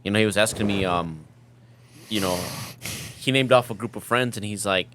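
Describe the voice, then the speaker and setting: A man from Mexico, a guest on a podcast, talking in a measured way with lots of fillers. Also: on the low side, a bit bright, a little hiss or hum. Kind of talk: casual chat.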